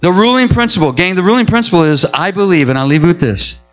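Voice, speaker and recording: A middle-aged male pastor preaching a sermon, telling a story with animated, emotional pleading. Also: high-pitched, fast, lo-fi sound.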